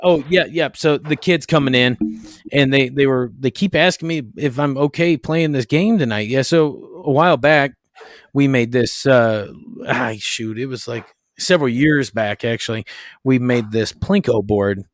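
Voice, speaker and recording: A man's voice: mid-range voice, normal speed, dry recording. Chatty male podcast co-host, dry sound. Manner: chatty, laughs often, repeats himself. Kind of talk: casual chat.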